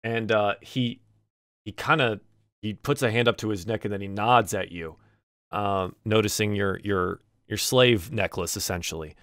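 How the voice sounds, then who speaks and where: A man narrating as game master of a tabletop game, speaking haltingly with frequent restarts. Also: on the low side, fairly even intonation, a bit bright, dry recording, clean studio sound.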